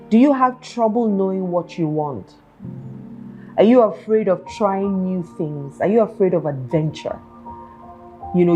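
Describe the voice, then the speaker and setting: A woman's voice: on the low side, dark tone, highs cut off. A woman hosting a self-help talk show, earnestly asking her listeners one rhetorical question after another. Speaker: podcast host.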